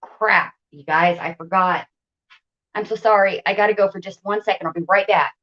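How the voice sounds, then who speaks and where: A livestream host speaks at normal speed in a medium-pitched voice from her home, captured on a tablet with a muffled result. Casual and chatty, she laughs a lot and says hello to viewers by name.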